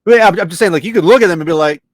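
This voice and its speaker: A man co-hosting a casual trailer reaction, sarcastic and animated, laughing often. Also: high voice, very fast, dry recording.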